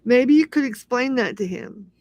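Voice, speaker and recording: A woman's voice: a little high, lively intonation, normal speed, a little mellow, no echo, dull audio. A woman hosting a casual livestream, talking in an aggrieved, repetitive rant. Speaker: livestream host.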